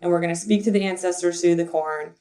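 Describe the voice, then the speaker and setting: Young woman, lowish voice, giggly, rambling, casual interview guest. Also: fairly even intonation, quick pace, warm tone. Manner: giggly, rambling storyteller with many fillers. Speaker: guest, assistant and content writer.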